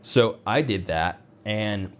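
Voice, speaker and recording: A man's voice: fairly low pitch, slow pace, slight background noise. Rambling, profane young man telling a story. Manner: rambling, profane, heavy filler words, laughs at his own jokes; acts out other people's lines in quoted voices. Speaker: vlogger. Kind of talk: casual storytelling.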